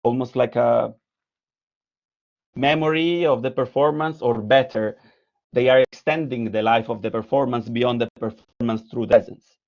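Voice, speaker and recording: A man with an Italian accent gives an art lecture, clicking through slides and reading a story aloud. He talks at a middle pitch, pauses often and restarts his phrases. The recording sounds dull and lo-fi. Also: fairly even intonation, vocal fry. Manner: hesitant, with frequent fillers and restarts. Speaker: artist giving a lecture. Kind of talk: lecture presenting slides, partly read aloud.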